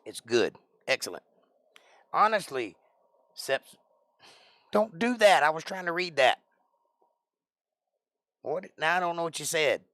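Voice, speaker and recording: A man's voice: a little high, animated, a little slow, long pauses, bright, forceful tone, no echo. Wry Southern man chatting with his viewers. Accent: Southern US, Georgia. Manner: joking, wry, bantering with chat. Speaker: livestream host and Bible teacher. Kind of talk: casual livestream chat reading comments.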